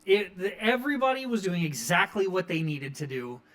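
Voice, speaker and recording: A man's voice: high voice, sing-song, moderate pace, a bit bright. A man hosting a wrestling review show, recapping matches in a rambling, enthusiastic way full of fillers. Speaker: wrestling review podcast host. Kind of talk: casual recap commentary.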